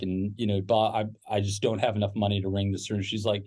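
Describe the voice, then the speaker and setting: A man's voice: lowish voice, little pitch movement, a little fast, few pauses, dark tone. A middle-aged man telling a personal business story casually, rambling with fillers and restarts. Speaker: podcast guest, business owner.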